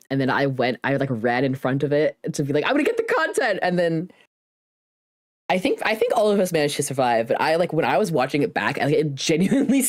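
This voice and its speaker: Low-voiced, lively woman streamer chatting. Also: no room sound, clean studio sound. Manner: rambling, self-deprecating, swears casually. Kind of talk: casual chat.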